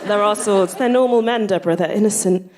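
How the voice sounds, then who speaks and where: A woman comedian doing a stand-up bit on a live podcast stage, animated and mock-earnest. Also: medium pitch, brisk, a crowd in the background. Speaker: co-host comedian.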